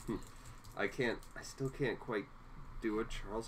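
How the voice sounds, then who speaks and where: A woman co-hosting a podcast, chatting casually and recapping episodes with lively asides. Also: rumbling low, moderate pace, a little hiss or hum. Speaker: podcast co-host. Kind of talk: casual chat.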